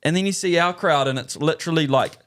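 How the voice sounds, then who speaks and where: A man's voice: on the high side, quick pace, fairly bright tone. A New man co-hosting a podcast in casual, jokey banter, acting out little scenes. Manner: jokey, acts out quoted voices. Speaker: podcast co-host.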